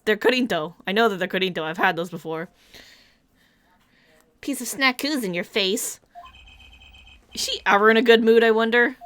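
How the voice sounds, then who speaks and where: A woman's voice: medium pitch, bright, forceful tone. A young woman streaming a game, chatting casually and animatedly, swearing now and then.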